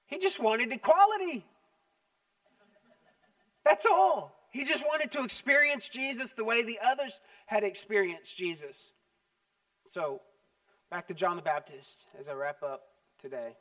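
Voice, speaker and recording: A pastor preaching a sermon, telling stories with animated, emphatic repetition. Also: male voice, high voice, moderate pace, far from the mic.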